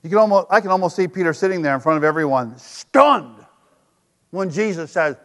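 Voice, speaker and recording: High-voiced preacher in a reverberant hall. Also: male voice, expressive, fairly quick. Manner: storytelling, emphatic with sudden drops to a hush. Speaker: pastor. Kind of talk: sermon.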